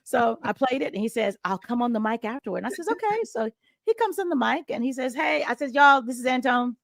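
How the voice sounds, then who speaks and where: Middle-aged female radio host recounting a story, does all the voices, somewhat high pitch, dry and close. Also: expressive, brisk, vocal fry, dry recording. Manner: acts out quoted dialogue with big pitch jumps. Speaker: radio host and podcast guest. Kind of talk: animated storytelling in an interview.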